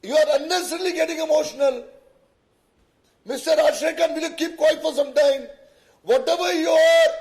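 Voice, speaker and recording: A man's voice: extremely high pitch, poor audio. A man, a panelist in a heated TV debate, insistently demanding to be heard.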